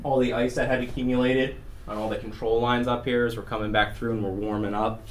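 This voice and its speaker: A man tells humorous stories at a photography talk in a gallery, chuckling often as he goes. His voice sits at a middling pitch. Noticeable room noise runs beneath the recording. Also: little pitch movement, fast. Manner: wry, laughs through his own stories. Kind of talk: humorous storytelling presentation. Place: art gallery room before an audience.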